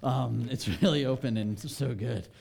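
Animated pastor telling a story. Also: male voice, medium pitch, moderate pace, vocal fry, a little hiss or hum. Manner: animated storytelling, acts out quotes. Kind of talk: sermon. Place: church sanctuary.

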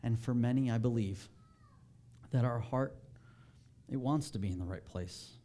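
Male pastor, sermon delivery, mellow tone, animated and conversational, climbs higher and louder on key points. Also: moderate pace. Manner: animated, rising in pitch and volume when stressing a point.

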